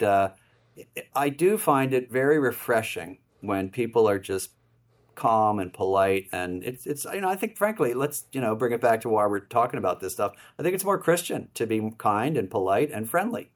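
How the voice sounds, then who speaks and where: A man's voice: mid-range voice, animated, normal speed. A Jesuit priest being interviewed, chatting loosely and filling his thoughts with "you know" while laughing easily. His voice sits right in the middle of the male range, with no strain or polish to it. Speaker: Jesuit priest, author guest. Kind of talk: casual conversational interview.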